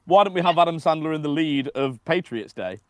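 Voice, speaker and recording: A man's voice: a little high, lively intonation, fairly quick, dry recording. A man co-hosting a film podcast, chatting in a sweary, rambling, riffing way. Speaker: podcast co-host. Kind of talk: casual chat.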